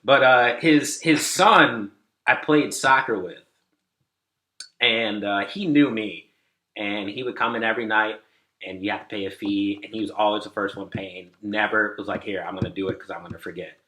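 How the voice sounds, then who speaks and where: A man's voice: lowish voice, normal speed, pushed and bright, reverberant, poor audio. A man guest on a podcast, telling a story casually, rambling with lots of "like" and acting out what people said. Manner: rambling, many "like" fillers, acts out quoted dialogue.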